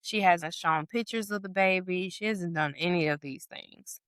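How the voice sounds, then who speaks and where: A woman's voice: normal speed, clean tone, no echo, studio quality. A woman co-hosting a podcast, telling a story in casual chat, often saying "like" and acting out the people in it. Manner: animated storytelling, acts out quotes in a high voice; heavy use of "like" and "or whatever". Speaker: podcast co-host.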